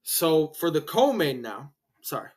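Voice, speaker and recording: A young man hosting a casual solo reaction to fight results, excitable and full of slang and swearing, a bit out of breath. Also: a little high, measured pace. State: breathing heavily. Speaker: MMA reaction host.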